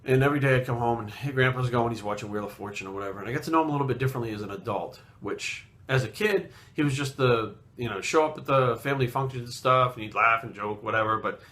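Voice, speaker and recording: Blunt, bright-voiced man in his late 30s. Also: medium pitch, fast, few pauses. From Rhode Island. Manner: blunt, heavy swearing, rambling. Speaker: fitness vlogger. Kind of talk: casual storytelling.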